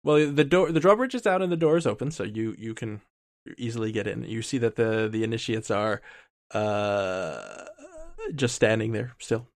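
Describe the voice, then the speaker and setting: A man as game master, narrating a tabletop game in a relaxed, halting way. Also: lowish voice.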